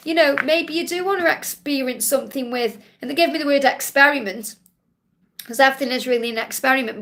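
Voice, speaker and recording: High-voiced woman giving soothing readings. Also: fairly bright tone. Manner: soothing, reassuring, repeats key phrases. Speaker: spiritual card reader hosting a live Q&A. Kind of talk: live-stream reading, relaying messages.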